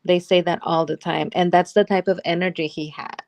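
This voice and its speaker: A woman's voice: lowish voice, fairly even intonation, a little fast, a little hiss or hum. A woman co-hosting a casual livestream chat, gushing and leaning heavily on "like.". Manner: gushing, heavy use of "like". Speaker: podcast co-host.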